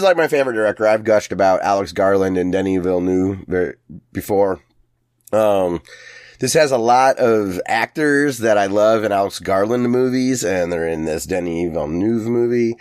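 A man with a lowish voice in casual podcast chat, relaxed and wry in his quick remarks. When he explains something he rambles a bit and hesitates. The sound is dry and close to the mic. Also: no room sound.

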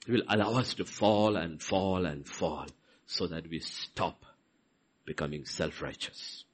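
A middle-aged man with an Indian accent preaching a sermon, swinging between loud emphasis and soft asides. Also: sits low, a little slow, slight background noise, low-quality recording. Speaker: pastor.

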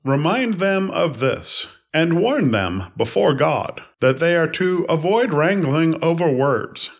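A man giving a measured, unhurried reading of scripture passages. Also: on the high side. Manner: calm, even, unhurried phrasing. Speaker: scripture reader.

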